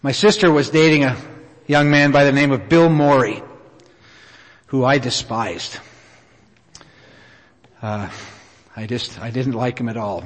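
A middle-aged man preaches in a church auditorium, and his voice carries a long reverb through the hall. He tells a personal story earnestly and unhurriedly, at a middle pitch, pausing often between phrases.

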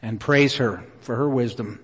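Middle-aged male preacher, earnest and unhurried storyteller with many pauses, middle pitch, recorded with long church-hall reverb. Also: breathy edge, muffled recording. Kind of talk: sermon with personal story. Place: church auditorium.

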